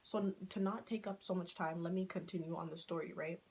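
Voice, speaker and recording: A woman talks straight to her followers in a casual storytime. Her delivery is animated and full of swearing, and she keeps acting out the lines of the people in her story. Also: lowish voice, fast, a little hiss or hum, low-quality recording. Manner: animated, swears freely, laughing, acting out quotes. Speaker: storytime vlogger.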